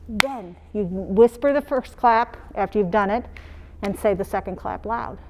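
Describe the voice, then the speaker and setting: A woman teacher demonstrating phonics, sounding out words slowly and singing little chants the way she would for young children. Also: medium pitch, noisy background. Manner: slow, sing-song teacher talk modeling sounds for young children.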